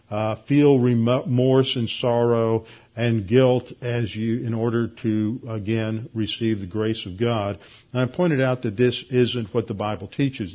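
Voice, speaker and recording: A man giving a Bible class lecture, explaining at a measured pace with frequent filler pauses. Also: mid-range voice, highs cut off. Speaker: Bible teacher.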